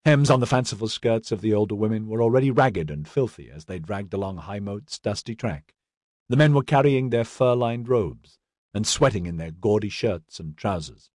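A man narrating an audiobook in a steady, even storytelling manner. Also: fairly low pitch, dry recording, studio quality. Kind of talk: scripted narration.

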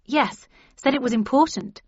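Eager young lady sergeant, read by a woman, crisp and dutiful, husky and dull. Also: a little high, moderate pace, darkish tone, no room sound, voice pushed up.

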